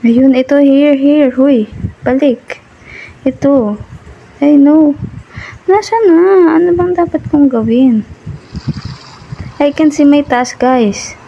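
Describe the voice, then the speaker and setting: A Filipino woman giving excitable live commentary while she plays a game, mixing English and Tagalog. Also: high-pitched, slow pace, long pauses, lo-fi sound, slight background noise. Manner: excitable, exclaims often, switches between English and Tagalog. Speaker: game streamer.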